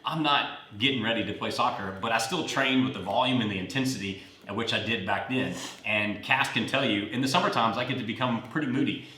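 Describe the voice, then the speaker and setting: A man's voice: mid-range voice, fairly quick, hardly any pauses. A man in his forties hosting a fitness podcast, telling a rambling personal story while coaching a workout. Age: 40s. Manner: chatty, rambling, animated when retelling. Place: gym. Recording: roomy echo, mic at a distance.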